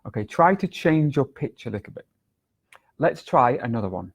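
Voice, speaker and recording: A man teaching a video lesson as an English exam tutor, speaking clearly and deliberately and exaggerating intonation to demonstrate. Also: medium pitch, big pitch swings.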